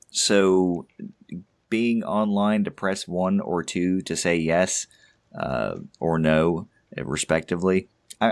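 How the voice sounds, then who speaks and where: Very deep-voiced rambling podcast man. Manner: rambling, stammering restarts, chuckles to himself. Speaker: podcast co-host. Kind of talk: casual podcast chat.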